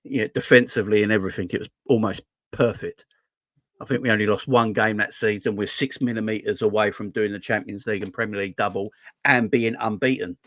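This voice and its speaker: A man's voice: lowish voice, steady tone, fairly quick, a bit bright, dry recording, studio quality. A man hosting a football fan channel, giving a rambling casual opinion monologue that repeats phrases and keeps checking with "yeah?" and "right?".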